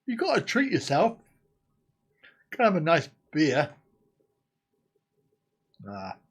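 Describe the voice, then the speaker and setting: A man's voice: on the high side, huge pitch swings, slow, husky. A man hosting a casual live stream, chatting and laughing as he answers viewer comments.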